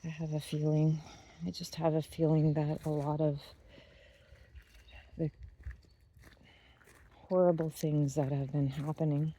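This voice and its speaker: Slow, deep-toned spiritual vlogger. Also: flat delivery, mellow. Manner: unhurried, musing, with pauses and restarts. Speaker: YouTube channel host. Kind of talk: reflective spiritual monologue. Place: outdoors, on a walk by a field.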